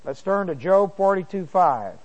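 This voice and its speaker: A middle-aged man teaching a Bible lesson to a class. He reads the verses slowly and deliberately and clears his throat often. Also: sits high, lively intonation, highs cut off.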